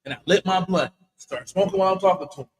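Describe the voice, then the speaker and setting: A man's voice: high-pitched, fast talker, a little hiss or hum, low-quality recording. A man co-hosting a casual chat, telling workplace stories with lots of swearing and laughter. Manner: profane, laughing storyteller. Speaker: podcast co-host.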